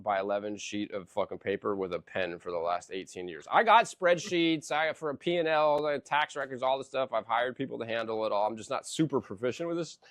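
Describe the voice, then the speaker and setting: A middle-aged man hosting a podcast, telling a profane, animated story in casual chat. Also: medium pitch, fairly quick, hardly any pauses, no room sound, clean studio sound. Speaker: podcast host.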